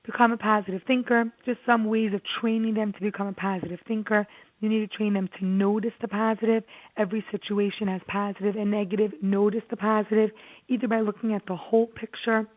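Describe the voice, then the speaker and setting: A woman therapist lecturing parents, earnest and animated, slipping into stories and acted-out quotes. Her voice sits at an ordinary middle pitch. The sound is thin and tinny, like a phone line. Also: fast. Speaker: child therapist giving a talk. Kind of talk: presentation to parents.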